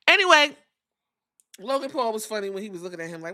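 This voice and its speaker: A woman with a fairly high, bright, pushy voice recaps wrestling on her podcast in a loose, profane, sassy way. She throws in quick impressions of the people she talks about. The sound is dry and close. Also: sing-song, dry recording. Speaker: podcast host.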